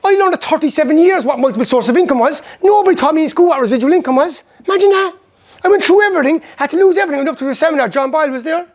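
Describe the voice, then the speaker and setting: Rapid-fire Irish motivational speaker man. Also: very high-pitched. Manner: rapid, animated storytelling that acts out past conversations. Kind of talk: motivational seminar talk with personal stories.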